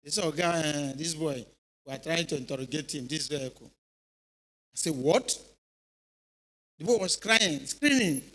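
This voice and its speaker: Nigerian man giving an animated talk. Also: a little high, moderate pace, rough recording. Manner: animated storytelling, keeps checking in with listeners. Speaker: retired police officer speaking at a youth event. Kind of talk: informal speech to a youth audience. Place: church hall.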